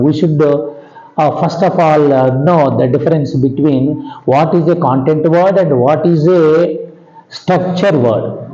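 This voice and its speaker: Halting Indian-accented man teaching grammar. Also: on the high side, mellow. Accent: Indian English. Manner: halting, many uhs, keeps asking "understand?". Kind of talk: classroom lecture. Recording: echoey dull lo-fi room sound.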